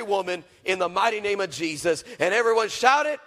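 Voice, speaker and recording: A male pastor preaching a sermon, with fervent declarative prayer and lively storytelling full of repetition. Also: high voice, fairly quick. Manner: lively storyteller who acts out dialogue.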